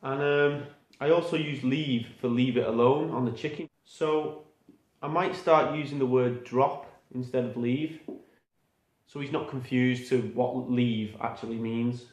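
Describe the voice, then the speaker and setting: A man's voice: mid-range voice, fairly even intonation, unhurried, a little mellow. A man vlogging as he trains his puppy, talking casually and explaining each step, coaxing the dog in a sing-song voice. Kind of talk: casual vlog narration. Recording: echoey room.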